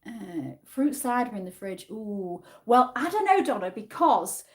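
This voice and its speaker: A woman with a northern English accent hosts a relaxed livestream, chatting freely and reading viewers' comments aloud. She talks in an easygoing, friendly way and answers viewers as if they were in the room with her. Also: fairly high pitch, a little slow. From Yorkshire, England. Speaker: livestream host. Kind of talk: casual livestream chat with a quiz.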